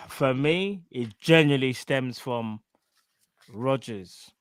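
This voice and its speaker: A man, hosting a casual football chat in an animated, slangy, jokey way. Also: medium pitch, slow, smooth, dry recording, clean studio sound. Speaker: show host.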